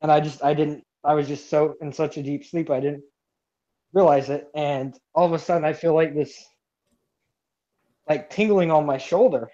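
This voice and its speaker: Man, casual rambling storyteller, slightly high voice, dull lo-fi recording. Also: steady tone, normal speed, dark tone. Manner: rambling, many restarts and fillers. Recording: dull lo-fi sound.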